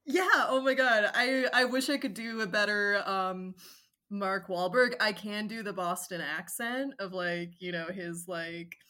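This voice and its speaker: A podcast guest from Massachusetts, chatting casually with sarcastic humor and many fillers. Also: female voice, mid-range voice, unhurried, sharp tone.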